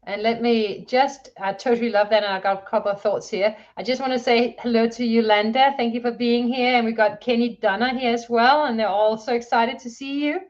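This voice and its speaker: A woman's voice: on the high side, fairly even intonation, a little fast, few pauses, lo-fi sound. A woman hosting a livestream interview, enthusiastic and greeting her viewers. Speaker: host.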